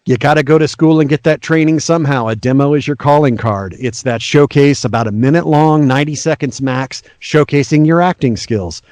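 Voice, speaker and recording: A man's voice: on the high side, a little fast, few pauses, a little mellow, no room sound. A middle-aged male voice actor, a guest in an interview, giving earnest, frank and encouraging career advice.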